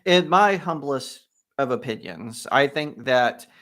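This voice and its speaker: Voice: medium pitch, animated, takes it slowly, a bit bright. A co-host on a live stream, chiming in with wry, sarcastic remarks in casual chat.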